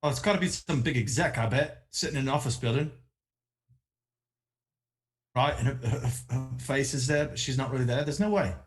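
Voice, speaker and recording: Man, tabletop player, lively pitch, quick to laugh. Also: faint music behind. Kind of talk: casual tabletop play.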